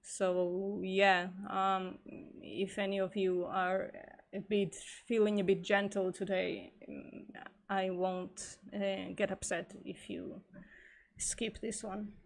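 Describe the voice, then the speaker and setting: A woman on a live stream talks slowly and unhurriedly, pausing often as she thinks aloud. Her voice is wearing thin and slightly hoarse. She sits in the middle range of pitch. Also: flat delivery. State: losing her voice. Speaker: vegan streamer. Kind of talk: live-stream reading and commentary.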